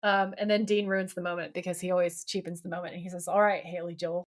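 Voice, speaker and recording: A woman's voice: lowish voice, flat delivery, fast talker. A woman co-hosting a podcast, retelling a TV episode in casual chat, quoting lines and ranting along the way. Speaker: podcast co-host.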